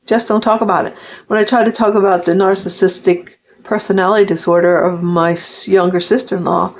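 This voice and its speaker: A woman's voice: mid-range voice, steady tone, brisk. An older woman talking straight to camera in a personal vlog, rambling and heartfelt, with frequent restarts. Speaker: vlogger. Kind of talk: personal confessional monologue. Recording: dull lo-fi recording.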